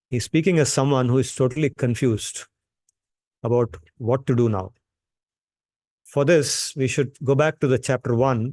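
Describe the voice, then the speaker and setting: A man's voice: mid-range voice, darkish tone. A man with a mid-range voice teaches a scripture class in a patient, conversational way. He repeats points for emphasis and often checks in with the listener with a rhetorical "right?". The recording is dry and close, with no room echo. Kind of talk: explanatory lecture on scripture.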